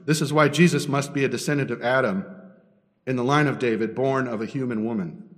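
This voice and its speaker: A male pastor delivers a teaching sermon in a mid-range voice. He poses rhetorical questions and answers them, building emphasis as he goes. The sound rings with long reverb from a large hall. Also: medium pitch.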